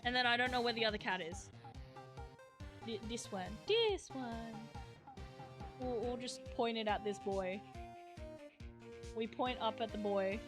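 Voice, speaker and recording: A woman's voice: fairly high pitch, expressive, measured pace, pauses often, over music. A young woman streaming a game live, reading its dialogue aloud in a flustered, giggly way.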